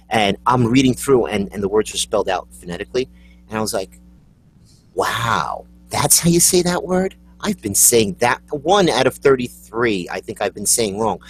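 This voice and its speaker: Husky, animated American podcast host. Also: male voice, lowish voice, poor audio. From United States. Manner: joking, rambling storyteller. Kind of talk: casual chat.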